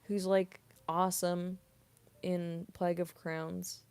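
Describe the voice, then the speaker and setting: A young woman voice actress answering viewer questions on her stream, talking slowly and easily with plenty of "like" and a giggle never far off. Her voice sits a bit low for a woman. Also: level tone, darkish tone, smooth. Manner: chatty, giggly, heavy on "like". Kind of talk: casual livestream Q&A.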